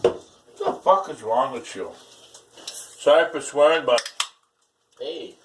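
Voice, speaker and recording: A man's voice: medium pitch, expressive, takes it slowly. A man casually vlogging while he cooks at home, rambling and crude, with plenty of swearing. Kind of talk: casual cooking vlog, talking to viewers. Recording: mic at a distance, faint background noise.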